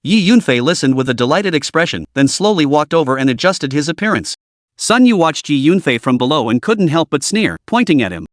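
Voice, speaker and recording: A man's voice: a little high, big pitch swings, a little fast, no echo, clean studio sound. A man narrating a comic story recap in a scripted, storytelling way.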